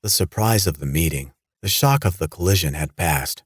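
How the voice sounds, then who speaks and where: A man with a very low, husky voice reads a horror audiobook. His delivery moves up and down in pitch with dramatic flair. The recording is close and dry. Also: normal speed, no room sound. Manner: dramatic, lively storytelling. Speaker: audiobook narrator. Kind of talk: scripted horror narration.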